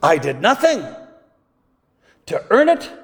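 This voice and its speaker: High-voiced pastor giving a sermon, slow and deliberate, big echoey church. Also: male voice, huge pitch swings. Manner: slow and deliberate, with strong emphasis on key words.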